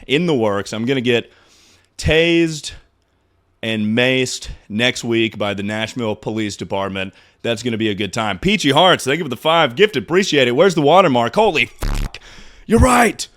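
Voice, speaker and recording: A young man in his twenties hosts a casual livestream while still out of breath. He is loud and excitable and swears freely. His pitch swings widely from line to line. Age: 20s. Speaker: streamer.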